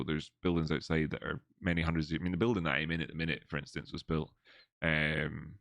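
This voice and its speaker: A man hosting a relaxed livestream chat from indoors. He rambles and restarts his sentences, and now and then reads viewers' messages aloud. His voice sits very low and the recording is dry and close. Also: dry recording. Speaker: livestream host. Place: old building, indoors.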